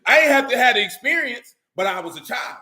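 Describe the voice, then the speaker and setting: A man speaking for a religious group talks casually and unscripted, blunt and heavily profane, repeatedly asking "you know what I'm saying." His very high voice is expressive, fast, bright, and forceful, heard in a roomy, echoing recording.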